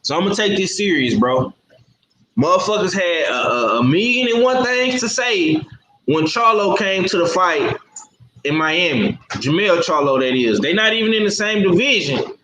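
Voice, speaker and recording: A man hosting a casual boxing talk show, animated and prone to repeating himself. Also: high voice, moderate pace. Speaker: podcast host. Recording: echoey room with faint noise.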